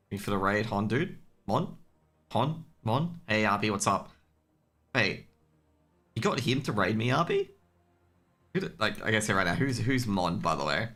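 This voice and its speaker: A man's voice: on the low side, bright, forceful tone. An Australian man casting an esports match on his own stream, chatty, rambling and jokey. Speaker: esports caster. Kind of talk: casual solo stream commentary.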